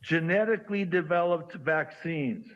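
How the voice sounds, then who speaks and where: A man's voice: on the high side, a little slow, fairly bright tone, dull audio. A man joining a livestream, reading out a list of predictions with dramatic, teasing buildup. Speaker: guest on a livestream. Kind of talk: reading a list aloud with commentary.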